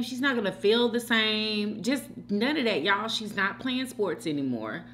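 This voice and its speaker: Animated, bright-voiced woman chatting while eating. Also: a little high, slow, a little hiss or hum. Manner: chatty, addresses viewers as y'all and girl. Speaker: mukbang vlogger. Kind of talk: casual gossip chat while eating.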